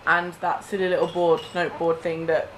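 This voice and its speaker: A woman's voice: lowish voice, little pitch movement, normal speed, noisy background. A young woman, a new mother chatting casually to camera at home, rambling through her plans. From Cheshire, England. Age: young adult. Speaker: family vlogger, new mother. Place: at home indoors.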